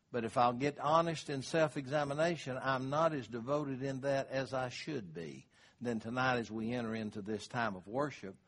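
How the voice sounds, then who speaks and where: A man's voice: medium pitch, a bit bright, husky. An older man, preaching a sermon in a folksy, conversational way. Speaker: pastor.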